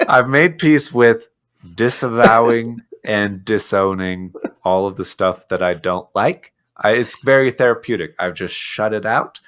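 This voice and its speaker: Ranting, animated podcast co-host man. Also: on the low side, a little slow, clean tone. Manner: animated, ranting, laughs often. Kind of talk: casual chat.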